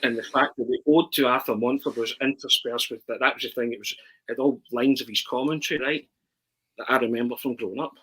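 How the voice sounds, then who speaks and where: A Scottish man telling stories in a casual chat as a podcast guest, animated and constantly checking in with his listener. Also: mid-range voice, fast talker, breathy edge, poor audio. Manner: animated, keeps asking "right?". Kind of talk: casual storytelling.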